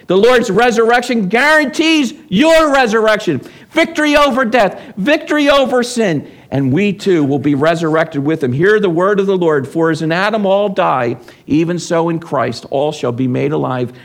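A man preaching a sermon as pastor, emphatic, asking the congregation questions and answering them. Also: sits high. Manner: emphatic, rises and falls with call-and-response questions.

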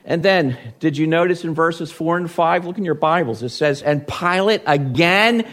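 A man preaching a sermon, addressing the congregation directly with questions and rising in pitch and volume for emphasis. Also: moderate pace. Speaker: pastor.

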